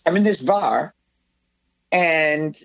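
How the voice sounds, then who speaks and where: A woman's voice: deep voice, very slow, creaky, no room sound. Older woman telling a rambling story. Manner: rambling, animated, with frequent restarts and laughs. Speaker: guest. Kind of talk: storytelling in a conversational interview. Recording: slightly dull, dry sound.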